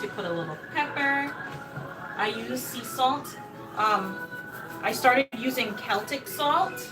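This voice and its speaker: A woman's voice: on the high side, low-quality recording. A woman from Jamaica speaking with an American accent, chatting casually on a live stream as she cooks in her home kitchen, encouraging viewers and greeting them by name. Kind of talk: casual live-stream chat while cooking.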